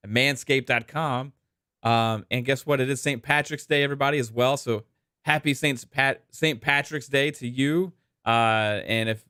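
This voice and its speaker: A man from Texas hosts a gaming podcast, chatting casually in a laid-back way with lots of fillers. His medium-pitched voice is smooth and a bit bright, captured in clean studio sound with no echo.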